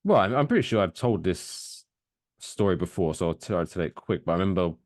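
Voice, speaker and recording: A podcast co-host with a low voice talks fairly quickly in a casual chat, an animated storyteller whose rambling tales come with plenty of swearing. The recording is dry and cleanly studio-produced.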